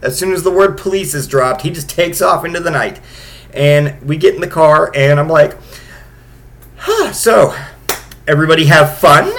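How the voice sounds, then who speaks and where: Brief: a sarcastic man in his late thirties, slightly high voice, rambling casual stories full of profanity. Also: moderate pace. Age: late 30s. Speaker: podcast host. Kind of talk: casual comedic storytelling.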